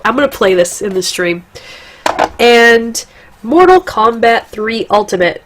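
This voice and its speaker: A woman's voice: mid-range voice, animated, normal speed, a little hiss or hum. A young woman with a stuffy, congested nose, chatting casually and rambling in a gaming vlog, swearing now and then. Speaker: gaming vlogger. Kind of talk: casual chat.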